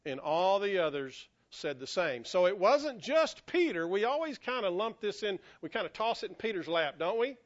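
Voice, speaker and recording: This is a man preaching with colorful, homespun flair, performing the voices of those he quotes and coughing from an illness he's recovering from. High-pitched, he talks at normal speed with few pauses, and the audio is dull.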